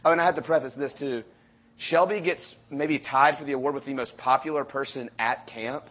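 A man, a youth leader, telling a camp story in a casual, animated way and acting out the quotes. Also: medium pitch. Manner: animated, quick retelling with acted-out quotes. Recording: dull lo-fi audio.

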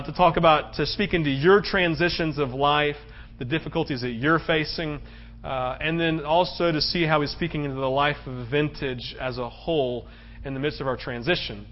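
A male pastor from the United States delivers a relaxed, conversational sermon. His voice sits high, and he leans on rhetorical questions to keep the crowd with him. The recording sounds a bit dull and muffled. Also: normal speed.

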